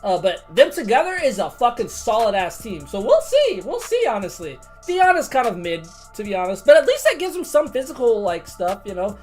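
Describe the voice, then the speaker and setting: Excitable, foul-mouthed woman streamer. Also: a little high, fairly quick, few pauses, faint music behind. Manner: excitable, profane, laughing often. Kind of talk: casual gaming commentary.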